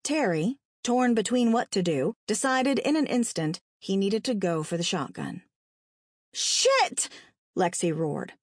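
A woman reading a dark story aloud with a dramatic, expressive delivery. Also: medium pitch, normal speed, few pauses, no room sound, studio quality. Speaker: narrator.

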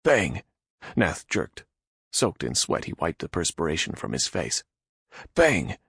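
A man narrating a fantasy audiobook with lively storytelling delivery. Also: a bass voice, moderate pace, vocal fry, breathy edge, dry recording, clean studio sound.

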